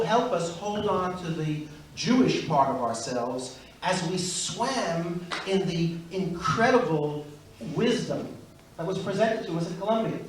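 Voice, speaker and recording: A middle-aged man from Brooklyn, telling stand-up stories at a measured pace and putting on voices for his characters. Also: a little high, a little hiss or hum. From Brooklyn, USA. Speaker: stand-up comedian. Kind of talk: stand-up storytelling. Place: university event hall. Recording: very echoey hall, far mic.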